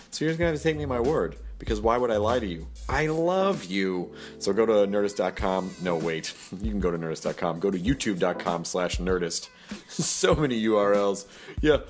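A man hosting a podcast, reading sponsor spots in a loose, jokey way and correcting himself as he goes. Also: fairly low pitch. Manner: rambling, jokey, self-correcting. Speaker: podcast host. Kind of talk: casual ad read.

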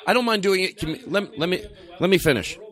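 A man's voice: high voice, fast. A man hosting a loose comedic chat, swearing often and laughing through his bits. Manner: swearing, animated, breaks into laughs.

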